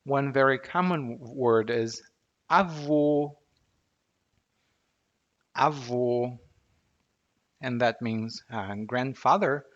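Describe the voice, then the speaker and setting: A man teaches pronunciation in a relaxed, chatty video lesson, drawing out each vowel slowly so viewers can copy it. His voice sits at an ordinary middle pitch, and the recording sounds a little dull and lo-fi. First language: Portuguese. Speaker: language teacher.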